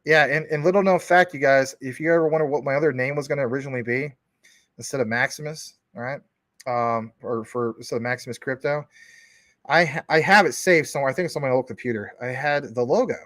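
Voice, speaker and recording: A man's voice: medium pitch, fast, fairly bright tone, no echo, studio quality. A man hosting a live stream from his couch at home, chatting casually with viewers in a rambling, jokey way and teasing commenters. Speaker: livestream host.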